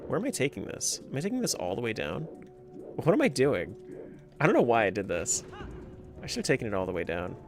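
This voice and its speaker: A man's voice: mid-range voice, wildly swooping pitch, fast talker, long pauses, soft background music. A man chatting casually on a live stream as he plays a game, talking to himself and to chat and laughing often.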